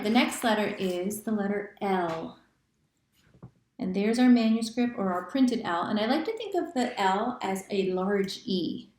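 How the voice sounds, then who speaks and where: Slow, patient woman teaching cursive. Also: mid-range voice. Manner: slow, chanting stroke names step by step. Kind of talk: handwriting lesson. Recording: echoey room.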